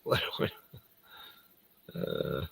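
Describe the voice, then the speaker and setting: A man's voice: extremely slow, a bit bright, no echo, low-quality recording. A middle-aged man chatting casually on a late-night stream, tired and rambling, trailing off often and swearing a lot.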